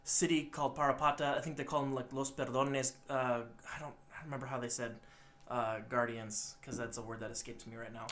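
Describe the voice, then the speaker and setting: A young man co-hosting a podcast, retelling a film's plot in a rambling, animated way and acting out the characters' lines. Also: mid-range voice, a little fast, a little hiss or hum. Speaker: podcast co-host. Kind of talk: casual movie recap.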